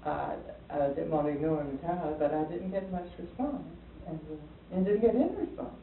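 Brief: woman storyteller, lively quoted voices, distant tinny echoey old recording with light hiss. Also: deep voice, a little fast. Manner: animated, acts out quoted voices, hesitant fillers. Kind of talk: casual storytelling conversation.

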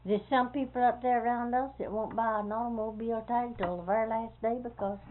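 A woman's voice: fairly high pitch, steady tone, brisk. An older woman, talking plainly in casual conversation. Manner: plainspoken, fretful. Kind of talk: casual chat. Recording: tinny phone-like recording with faint hiss.

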